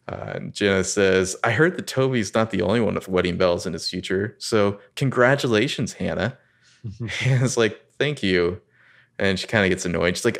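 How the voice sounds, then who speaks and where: A man co-hosting a podcast, commenting on a TV episode in a relaxed, chuckling way. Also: fairly low pitch, moderate pace. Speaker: podcast co-host. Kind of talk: casual chat.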